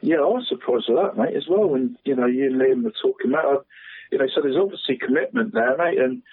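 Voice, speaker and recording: A man's voice: on the high side, sing-song, quick pace. A man chatting about local football on the radio, rambling, laughing often and calling everyone "mate". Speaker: regular football pundit. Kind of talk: casual radio chat. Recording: husky voice over a tinny phone line.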